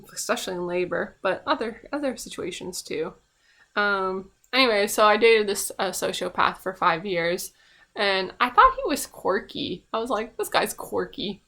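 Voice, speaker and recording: A young woman from Canada delivers a casual rant straight to camera. She is blunt and swears freely, laughs often, and swings between loud outbursts and quiet, trailing musing. Her voice sits at an ordinary middle pitch for a woman. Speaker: vlogger.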